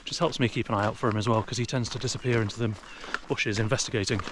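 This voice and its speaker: English man, casual walking commentary, woodland outdoors, clear outdoor noise, action cam. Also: lowish voice, fairly even intonation, very fast. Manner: chatty, talks to his dog in a raised sing-song voice. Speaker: outdoor vlogger. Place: outdoors in a forest. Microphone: action camera.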